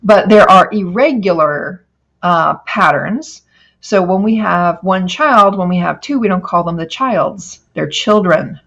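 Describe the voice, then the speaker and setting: Middle-aged woman teacher, slow careful lecture, bit of vocal fry. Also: on the low side, expressive, fairly bright tone, muffled recording. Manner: slow, stretches out example words. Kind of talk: recorded phonics lecture.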